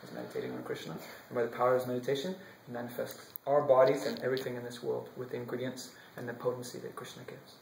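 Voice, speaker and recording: A man telling a devotional story expressively, shifting from loud to whispered passages. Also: medium pitch, creaky, reverberant, a little hiss or hum, low-quality recording. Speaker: storyteller monk.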